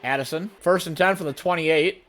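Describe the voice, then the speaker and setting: A man talking through his own game session as he plays, calling each move in a running play-by-play. His voice sits a little high, and he bursts into loud excitement when plays go wrong. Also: a little fast. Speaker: gaming channel host. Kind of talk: let's play commentary.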